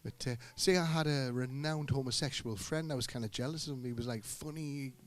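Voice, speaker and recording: A middle-aged singer-guitarist telling rambling, joking stories between songs at a live gig. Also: male voice, medium pitch, brisk. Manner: joking, anecdotal storyteller. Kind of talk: rambling stage banter. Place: live music venue on stage. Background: guitar music.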